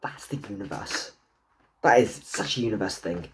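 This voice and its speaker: With a creaky voice at a moderate pace, this tarot and numerology reader chats to camera while doing a casual reading. He curses freely, cracks jokes to himself and argues back at the universe, his pitch leaping up into goofy put-on voices.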